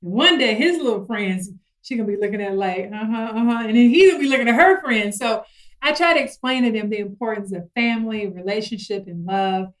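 A middle-aged woman chatting casually about parenting, telling stories lively and acting out her kids' voices. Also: medium pitch, brisk, low-quality recording. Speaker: guest parent.

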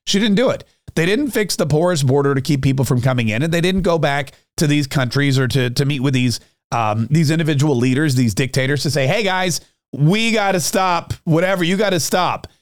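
A man's voice: medium pitch, brisk, no echo, clean studio sound. A man hosting a podcast, delivering a rambling, sarcastic political commentary monologue. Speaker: podcast host.

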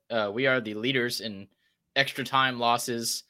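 Male co-host, bright forward voice, mid pitch, dry wit, breaks down stats. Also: fairly even intonation, a little slow, smooth. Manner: wry, analytical, reading viewer comments. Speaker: sports podcast co-host. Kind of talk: casual chat.

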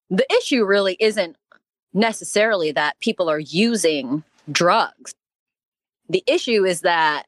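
A woman's voice: lowish voice, dry recording. A woman talking emphatically in a casual podcast chat, swearing now and then and laughing as she speaks.

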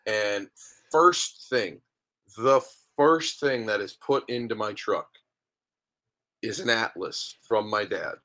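A man's voice: fairly low pitch, slow pace, long pauses, sharp tone. A man in his thirties, a guest on a podcast, telling a long story casually and acting out the dialogue. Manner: rambling storyteller, acts out dialogue. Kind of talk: casual interview chat.

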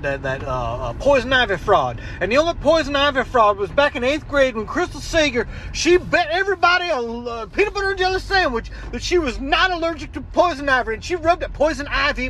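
A man's voice: extremely high pitch, lively intonation, a little fast, few pauses, pushed and bright, slight background noise, poor audio. A man calling in to a show, rambling and stammering as he loses his thread. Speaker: caller. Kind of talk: rambling phoned-in message.

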